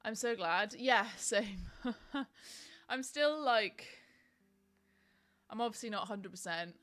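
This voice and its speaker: A woman's voice: medium pitch, slow pace, fairly bright tone. A young woman chatting casually on a live stream, rambling with lots of ums and likes.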